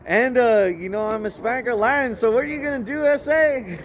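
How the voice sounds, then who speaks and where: A man's voice: extremely high pitch, brisk. A man vlogging in a rambling, casual monologue, tagging his lines with "eh?" and laughing often.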